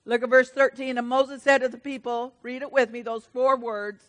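Woman preacher, high-pitched, dynamic sermon delivery, hushed one moment and booming the next. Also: moderate pace, big-room sound, poor audio. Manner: animated, swings between hushed and loud.

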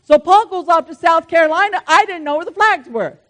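High-voiced fervent woman preacher. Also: fairly quick. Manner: fervent, swings between loud declarations and soft asides. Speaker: pastor. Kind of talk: sermon.

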